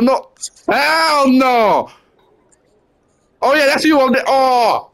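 A man's voice: very high voice, slow pace, long pauses, fairly bright tone. A young man on voice chat while playing a basketball video game, coaching his teammates and teasing them, repeating short commands over and over.

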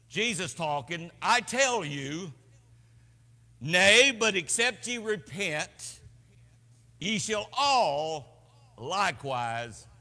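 Emphatic pastor preaching in a reverberant church. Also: male voice, high voice. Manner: emphatic, swings between loud and hushed. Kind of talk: sermon. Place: church sanctuary.

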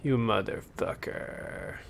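A man giving chatty, excitable let's-play commentary, talking to the game's characters as he plays. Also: slow, slight background noise. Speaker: gameplay commentator.

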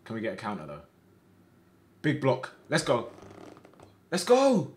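A man streaming a football management game, reacting out loud with groans and cheers as he commentates. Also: fairly low pitch, normal speed. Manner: excitable, shouts at players, swings between groans and cheers. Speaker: gaming streamer.

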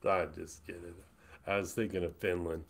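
A man streaming live who rambles, says he's high and mumbles, often trailing off into whispers. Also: flat delivery, moderate pace, creaky, slight background noise. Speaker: livestreamer. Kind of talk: casual livestream chat. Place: indoors, hot room.

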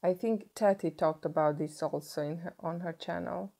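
A young woman vlogs in English, unwrapping makeup and gushing over each find with little restarts along the way. Her voice sits a touch low and sounds mellow and warm rather than bright. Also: creaky. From Sweden. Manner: gushing, excitable, pauses and restarts as she unwraps. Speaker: beauty vlogger. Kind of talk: casual product unboxing.

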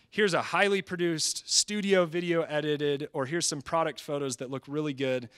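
A man presenting at a training session, talking in an energetic, conversational way and quoting people in quick asides. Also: a little high. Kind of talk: live presentation. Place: presentation hall.

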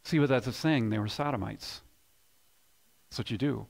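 A man preaching a sermon as pastor, swinging between loud emphatic bursts and hushed low lines, often repeating words as he builds a point. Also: moderate pace, vocal fry. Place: church sanctuary.

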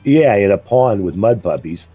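A man's voice: lowish voice, expressive, normal speed, warm tone, husky, no echo, soft background music, poor audio. A middle-aged man streaming a game, telling blunt, profane stories in casual chat. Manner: blunt, profane storytelling with laughs. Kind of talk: casual chat while gaming.

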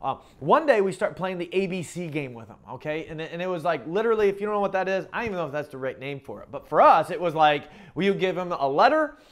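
Fast and very animated, a middle-aged pastor with a high, slightly bright voice barely pauses during his conversational sermon. "Okay?" and "right?" come up often, and he repeats and restarts phrases along the way.

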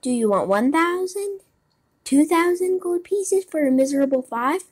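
A woman's voice: sits high, animated, moderate pace, a little mellow, voice pushed up. A woman plays a cunning male fox from a storybook. He talks in a courteous, coaxing way that hides his greed. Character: sly smooth-talking male fox, cunning.

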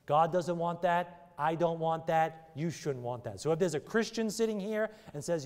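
Guy preaching in church, pushy questions over and over, voice pitched kinda high, big echo hall. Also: moderate pace, few pauses, darkish tone. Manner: emphatic, repeated rhetorical questions. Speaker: pastor. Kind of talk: sermon with altar call. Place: church sanctuary. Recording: long church hall reverb.

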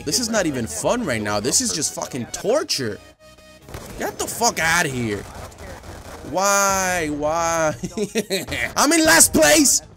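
A young man giving loud, profane, raging commentary while playing a shooter game. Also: a little high. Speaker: gaming YouTuber. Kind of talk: live gameplay commentary.

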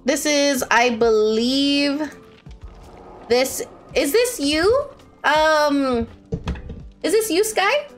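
Bubbly high-voiced woman streamer. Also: expressive, soft background music. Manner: bubbly, slangy, quick swings from squeals to mumbles. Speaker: live streamer. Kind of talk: casual live-stream chat reading viewer comments.

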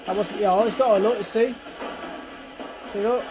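A man's voice: sits high, fairly even intonation, normal speed, music in the background, rough recording. A man giving casual reaction commentary over fight footage, chatty and constantly prompting the viewer to look.

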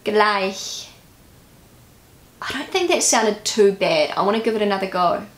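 A woman's voice: mid-range voice, sing-song, fairly quick, echoey room. A woman from New Zealand with a New Zealand English accent, vlogging casually and musing self-critically as she practises pronunciation.

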